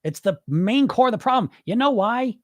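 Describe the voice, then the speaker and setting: A man's voice: very high voice, animated, moderate pace, dry recording, clean studio sound. A man hosting a solo weight-loss podcast, speaking bluntly and swearing often while firing off rhetorical questions and acting out his listeners' excuses. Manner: blunt, profane, rhetorical pep-talk; mimics listeners' excuses mid-rant.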